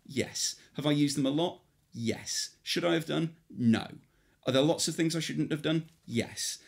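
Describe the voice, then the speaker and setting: A man's voice: a little high, a little slow, gravelly. A man co-hosting a casual podcast, wry and self-mocking, often asking himself questions and answering them in clipped replies. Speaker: podcast co-host. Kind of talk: casual chat.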